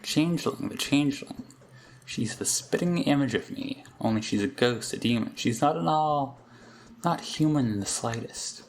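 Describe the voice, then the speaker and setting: A man reading aloud the lines of a frantic young girl who says her demonic double is hunting her, in a rushed, pleading way. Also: medium pitch, a little hiss or hum, lightly acted. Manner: pleading, rushed, half-hysterical. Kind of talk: reading game dialogue aloud.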